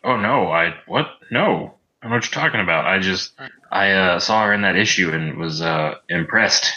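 A man's voice: sits low, moderate pace, sharp tone, lo-fi sound. A man voicing a blunt, profane investigator who poses as a customer in a tabletop game. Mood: feigning innocence.

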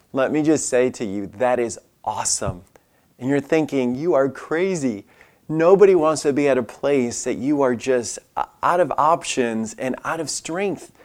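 A middle-aged man preaching a sermon at a medium pitch for a man. He swings from firm, raised declarations down to soft, near-whispered lines as he voices words of comfort and weariness. His delivery is earnest and pastoral, with plenty of repetition.

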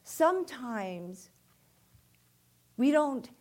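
A woman's voice: sits high, very animated, very slow. A woman preaching a sermon in church, often calling "amen?" to the congregation and rising to fervent emphasis.

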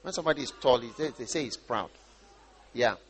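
A man from Ghana preaching a sermon, animated and often repeating and restarting his phrases. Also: mid-range voice, a little fast.

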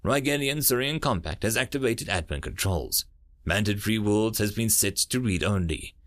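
Brief: male audiobook narrator, animated pitch, dry close sound. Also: normal speed, no room sound. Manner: animated narration with many voiced characters.

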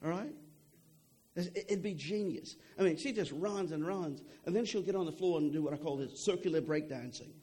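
A man's voice: on the high side, fairly quick, mellow, breathy edge. A young adult man preaching a sermon in a conversational way, often checking in with "okay?" and repeating words as he goes.

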